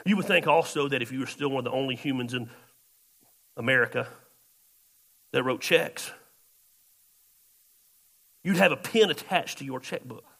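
A pastor preaches a sermon built around a long personal story. His gravelly, bright, medium-pitched voice moves at a normal speed with long pauses. It jumps from quiet, muttered asides to sudden loud exclamations.

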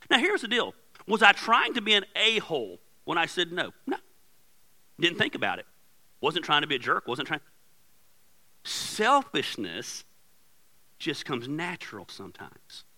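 A middle-aged man preaching to his congregation, swinging his voice up and down as he tells a story about himself. His tone is bright and cutting, and his pitch sits a little high. He plays the other people in the story, loud and exaggerated. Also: rough recording. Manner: animated storytelling, acts out his wife's yelling. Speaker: pastor. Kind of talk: sermon. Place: church sanctuary. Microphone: handheld or headset microphone.

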